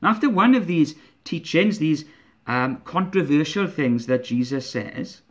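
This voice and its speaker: An earnest man preaching a sermon, his voice sitting somewhat high. He builds his points through emphatic, repeated rhetorical questions. The recording is muffled and lo-fi. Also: expressive, a little slow. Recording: dull lo-fi recording.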